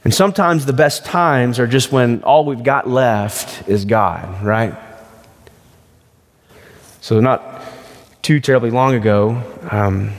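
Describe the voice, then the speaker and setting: A man preaches in a loose, conversational way, slipping stories into his sermon. His voice sits in a middle pitch. Long reverb hangs behind him, as in a church sanctuary. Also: slow, pauses often. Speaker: pastor.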